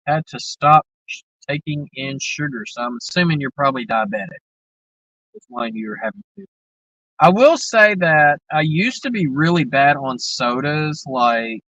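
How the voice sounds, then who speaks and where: A man's voice: medium pitch, fairly bright tone, no room sound, muffled recording. A man from the American South with a Southern accent, hosting a livestream and chatting to viewers in a rambling, drawling way full of fillers. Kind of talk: casual chat.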